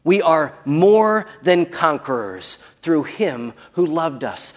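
A man preaching a sermon who builds to emphatic peaks and then drops very soft. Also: on the high side, big pitch swings, slow, hardly any pauses. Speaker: pastor.

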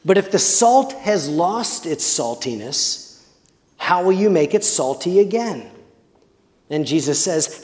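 A man preaching a sermon as pastor, measured and deliberate, sometimes putting questions to the congregation. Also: high voice, a little mellow. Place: church. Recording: long hall reverb.

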